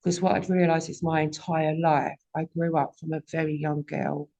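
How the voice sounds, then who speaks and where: A woman's voice: low-pitched, little pitch movement, moderate pace, creaky, dark tone. A woman in her forties giving a raw, candid personal testimony at a recovery meeting and swearing often.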